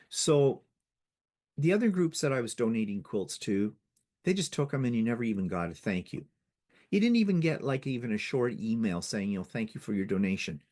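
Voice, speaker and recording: A man's voice: on the low side, a little mellow. A man giving a casual slideshow talk about his quilting to a guild, chatty and rambling, often restarting his sentences. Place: living in Ontario, Canada.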